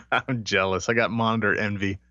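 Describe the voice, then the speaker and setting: Male co-host, low voice, relaxed and chuckling, muffled lo-fi sound. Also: moderate pace, no room sound. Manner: easygoing, laughs often. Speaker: podcast co-host. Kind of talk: casual chat. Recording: dull lo-fi sound.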